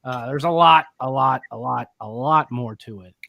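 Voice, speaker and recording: A man's voice: medium pitch, normal speed, creaky, pushed and bright, no echo. Man, co-host, casual chat, promotional, dry close mic. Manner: chatty, promotional, restarts phrases.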